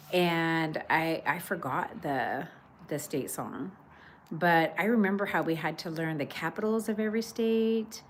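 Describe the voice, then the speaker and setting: Chatty low-voiced woman livestreaming. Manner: chatty, rambling, many fillers and restarts. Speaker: livestream host. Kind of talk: casual livestream chat reading comments.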